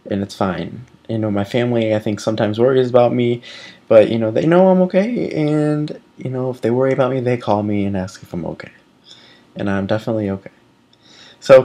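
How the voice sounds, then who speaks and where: A man's voice: mid-range voice, a little mellow. A young man in his twenties talking candidly in a casual personal vlog, rambling with many fillers and restarts. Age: 20s. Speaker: vlogger.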